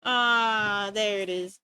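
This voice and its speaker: Woman streamer, casual chat while drawing; high, sharp voice, animated and self-mocking. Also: no echo, rough recording. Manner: animated, joking, self-mocking, quick to laugh. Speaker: livestreamer.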